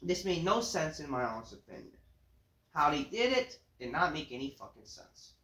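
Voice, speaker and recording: A woman's voice: low voice, sing-song, moderate pace, a bit bright. A woman reviewing a wrestling show in a casual, profane rant full of fillers. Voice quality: casual, filler-heavy talk with lots of swearing. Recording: roomy echo.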